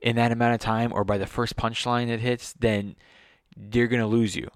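A man's voice: mid-range voice, level tone, normal speed, no echo, clean studio sound. A man in a casual chat, giving blunt advice on hosting comedy shows and swearing freely.

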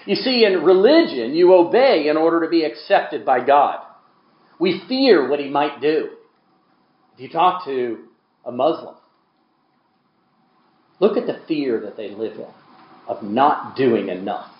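Male pastor, sermon delivery, emphatic swings in volume, somewhat dull and roomy recording. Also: mid-range voice. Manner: emphatic, swings from quiet to loud.

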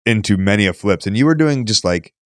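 A man with a lowish voice hosts a laid-back chat and stretches his words out when he asks questions. His voice sounds dry and close to the mic. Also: lively intonation, brisk, no room sound. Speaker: podcast host, wrestler. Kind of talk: casual interview chat.

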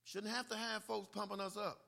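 A male preacher delivering a sermon, calling for "amen" and swinging from quiet talk into shouted bursts. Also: high-pitched, little pitch movement, a little fast, creaky.

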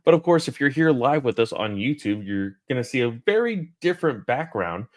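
A man's voice: mid-range voice, very animated, a little fast. A man hosting a podcast in casual chat, rambling with lots of ums and uhs. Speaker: podcast host.

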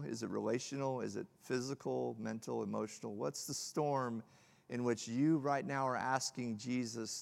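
A male pastor preaching a sermon, swinging from loud emphatic peaks to hushed, low lines. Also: gravelly. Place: church hall. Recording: long hall reverb.

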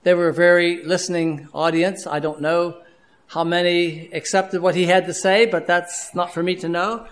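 A man's voice: sits high, little pitch movement, moderate pace. A man preaching a sermon in an earnest, conversational way, with frequent restarts and fillers.

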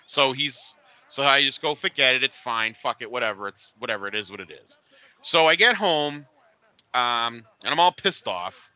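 Guy in his 40s, super bright voice, kinda high, chatty storyteller doing all the voices, dry dull podcast sound. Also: moderate pace, no room sound. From Boston area. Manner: animated storyteller, acts out quoted voices. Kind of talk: casual chat, storytelling.

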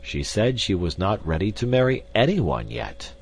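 A man's voice: fairly low pitch, very animated, moderate pace, vocal fry, slight background noise, voice pushed up. A man reading an audiobook, voicing a fussy, absent-minded old male professor who clucks "tut, tut". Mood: sad.

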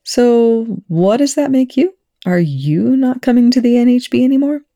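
A reader voicing Eli, a nervous, chatty young man who babbles and drops into hurried whispers. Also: medium pitch, lively intonation, mellow, dry recording, clean studio sound, pitched above the performer's own voice, natural voice. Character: anxious young male tech whiz, chatty and nervous.

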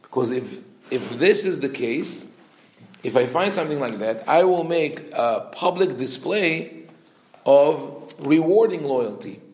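A man giving an animated teaching talk. He often restarts and corrects himself mid-sentence, and he acts out the quotes he reads. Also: medium pitch, a little slow. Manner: frequent restarts and self-corrections. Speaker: religious teacher. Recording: roomy echo.

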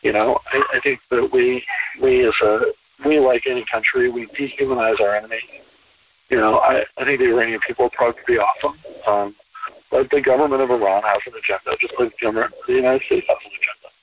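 A man talking as a podcast guest in a relaxed conversational interview, emphatic and repeating phrases to drive points home. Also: medium pitch, quick pace, dry recording. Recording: distant, tinny phone-line sound.

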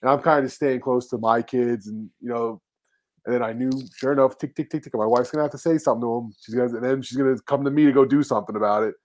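A man's voice: mid-range voice, steady tone, fast talker, darkish tone. A man, co-hosting a podcast and telling rambling, profane stories that act out the people he quotes. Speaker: podcast host. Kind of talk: casual storytelling chat.

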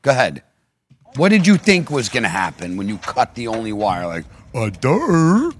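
A man in casual group chat, talking in an animated, incredulous and slangy way. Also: mid-range voice, normal speed.

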